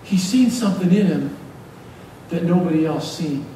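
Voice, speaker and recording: A man preaching a sermon as pastor, lively and joking as he urges the congregation on. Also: on the high side, normal speed. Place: church sanctuary. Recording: echoey hall from far off, faint hiss.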